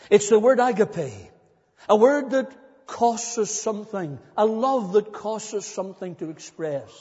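A man's voice: high voice, a little mellow, breathy edge. A male pastor preaching a sermon in a church, earnest and building to emphatic repetition. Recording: long church reverb, dull lo-fi sound.

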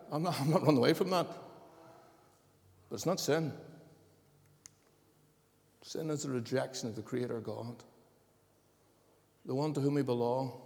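A man's voice: mid-range voice, a little mellow, in a large hall. A man preaching a sermon as pastor, emphatic and building in force.

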